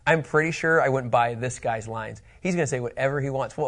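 A man's voice: mid-range voice, moderate pace. A middle-aged man teaching a Bible study lesson in a conversational, joking way. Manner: conversational, animated, jokey.

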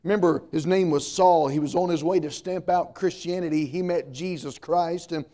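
A middle-aged pastor preaching with emphatic repetition and homespun humor. His voice sits a touch high for a man yet sounds mellow and warm. He leans hard on his key points. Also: fairly even intonation, moderate pace. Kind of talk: sermon.

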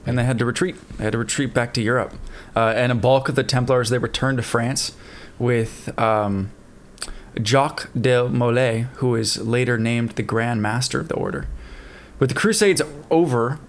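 A man co-hosting a casual history podcast, relaxed and chatty, adding facts with the odd swear word. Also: mid-range voice, normal speed. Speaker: podcast co-host.

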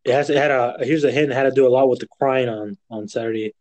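A man's voice: mid-range voice, fairly even intonation, quick pace, a little mellow. A young man co-hosting a casual fantasy football podcast, laid-back and reflective. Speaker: podcast co-host.

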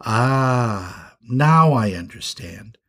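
A man voicing a tiny, excitable male skunk, the little brother, with a childlike high voice that breaks into wailing, in a storybook reading. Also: extremely slow, breathy edge, exaggerated voice. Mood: innocent.

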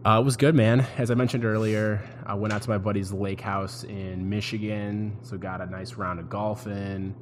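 A man's voice: fairly low pitch, steady tone, moderate pace, few pauses, a little hiss or hum. A young man co-hosting a casual podcast chat, joking and acting out quotes in his stories. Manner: jokey, acts out quotes. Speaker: podcast co-host.

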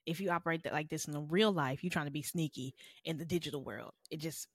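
A woman's voice: sits low, fast talker, slightly rough, dry recording, studio quality. A young adult woman co-hosting a podcast, frank and joking in casual chat. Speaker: podcast co-host.

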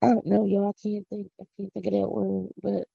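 A middle-aged woman from Philadelphia with a Philadelphia accent, hosting a casual, preachy podcast monologue with excited whoops. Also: mid-range voice, a little fast, vocal fry, breathy edge, dry recording. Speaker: podcast host. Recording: dull lo-fi audio.

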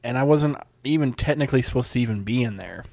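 A man's voice: medium pitch, expressive, quick pace, vocal fry, darkish tone, no room sound. A man, a stand-up comedian, chatting casually and rambling with lots of fillers and restarts. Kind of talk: casual podcast chat.

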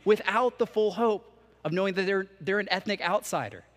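A young man with a high-pitched voice delivers a sermon a little fast as canon for student ministry. He moves between scripture and casual conversational remarks, and the church hall's long reverb carries his words.

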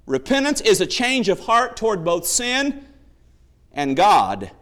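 A man's voice: high voice, wildly swooping pitch, takes it slowly, a bit bright. A man preaching a sermon, emphatic, telling stories and acting out the voices in them.

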